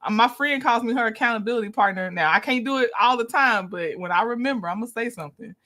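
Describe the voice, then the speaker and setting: A woman hosting a casual livestream, greeting viewers by name, lively and quick to laugh. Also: fairly high pitch. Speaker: livestream host.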